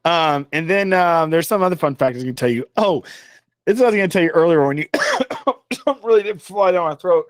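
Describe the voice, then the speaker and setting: Male podcast co-host, a touch higher than average, dry close mic. Rambly, distracted, casual with profanity. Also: lively intonation, quick pace, no room sound. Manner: rambling, easily distracted, swears freely. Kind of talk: casual chat.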